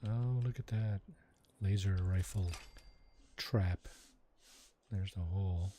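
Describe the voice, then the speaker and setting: A man's voice: low voice, takes it slowly, dark tone, a little hiss or hum. A man casually commentating his game while streaming and chatting to viewers. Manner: chatty, talks to chat viewers by name.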